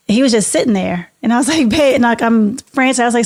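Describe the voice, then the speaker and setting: A woman's voice: a little high, brisk, hardly any pauses, darkish tone. A middle-aged woman, a podcast co-host, telling a personal story in an interview in an earnest, heartfelt, reflective way.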